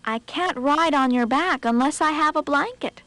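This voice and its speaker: A woman's voice: sits high, moderate pace, a bit bright, no echo, pitched above the performer's own voice. A woman voicing a tricky, boastful male rabbit in a storybook game.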